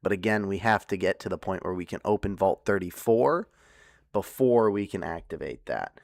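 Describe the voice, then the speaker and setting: A man's voice: deep voice, expressive, normal speed, gravelly, no room sound, clean studio sound. A man casually chatting to his viewers as a game streamer, rambling with lots of fillers and restarts. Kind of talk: casual livestream chat.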